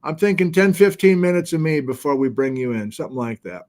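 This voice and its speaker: An American man hosting a geology livestream, casually reading out where viewers are watching from in a relaxed, chatty way. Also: a little high, a little fast. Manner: relaxed, chatty, reads viewer locations aloud. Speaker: geology lecture host.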